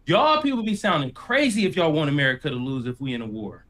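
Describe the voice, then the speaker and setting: A man chats on a debate panel in loose, profane street slang. His voice is slightly high and bright, with a sharp edge. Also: animated, quick pace, hardly any pauses. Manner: slangy, laid-back, profane.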